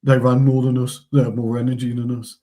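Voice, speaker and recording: A man's voice: mid-range voice, little pitch movement, brisk, warm tone. A man co-hosting a casual football fan chat, bantering with his co-host. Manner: chatty, banter-filled, addresses co-host as pal.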